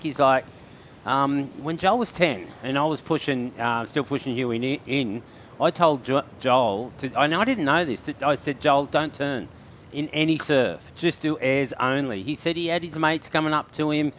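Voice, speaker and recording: A man's voice: mid-range voice, fairly bright tone, slight background noise. Chatty Australian man telling a story. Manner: chatty storyteller, laughs often. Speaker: surf commentator. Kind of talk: live sports commentary banter.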